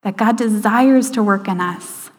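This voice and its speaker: Woman giving a sermon, slow emphatic pauses, hall echo behind her. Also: medium pitch. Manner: slow, emphatic pauses with hushed quoted lines. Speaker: speaker at a church service. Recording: hall reverb.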